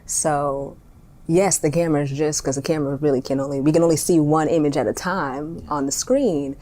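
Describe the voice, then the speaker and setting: A woman's voice: sits low, steady tone, a little fast, warm tone. A young woman from Harlem, an actor and writer, talking in a thoughtful, searching way as an interview guest and often restarting her phrases. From Harlem, New York. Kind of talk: reflective interview talk.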